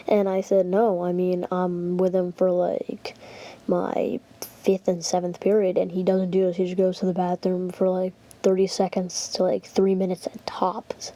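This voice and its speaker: A woman's voice: mid-range voice, monotone, moderate pace, mellow. A young woman hosting her channel, telling a casual story with lots of fillers and restarts. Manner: rambling, heavy use of "like" and fillers. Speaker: channel host. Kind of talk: casual story time vlog.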